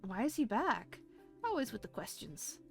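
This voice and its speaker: A woman's voice: fairly high pitch, very animated, normal speed, creaky, faint music behind. A woman voicing a blunt, sarcastic female nurse. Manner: dry, sarcastic.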